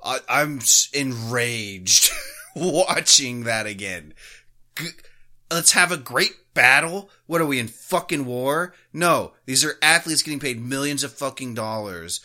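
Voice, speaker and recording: A man's voice: mid-range voice, animated, a little slow, bright, forceful tone. A man co-hosting a sports podcast, ranting heatedly with constant swearing. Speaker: podcast co-host. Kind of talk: casual podcast rant.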